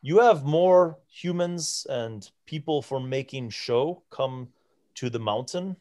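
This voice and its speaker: A man voicing a huge male cloud giant who speaks slow, broken common. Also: mid-range voice, expressive, darkish tone. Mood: jovial. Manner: slow halting broken speech.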